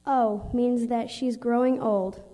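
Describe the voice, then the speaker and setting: Woman reciting alternate verse lines, slow and firm, hall reverb. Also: a little high, steady tone, dark tone, a little hiss or hum. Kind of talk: reciting a poem in turns.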